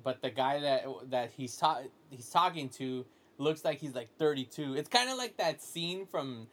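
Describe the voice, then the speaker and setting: A man's voice: on the high side, lively intonation, normal speed, fairly bright tone. A man hosting a podcast in casual chat, rambling with lots of "like" and frequent laughter. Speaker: podcast host.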